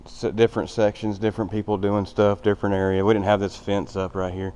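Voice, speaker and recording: With a fairly low, dark, clean voice that barely shifts in pitch, a vlogger talks fast while touring a huge empty old factory on a handheld camera. He's breathless, casual and rambling, speaking plainly and using fillers.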